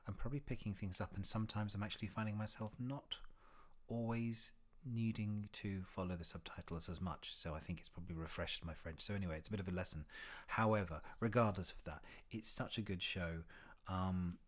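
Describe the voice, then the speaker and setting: Very low-voiced chatty man. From United Kingdom. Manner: rambling and chatty, with frequent fillers and restarts. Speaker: podcast host. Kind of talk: casual solo podcast recommendations.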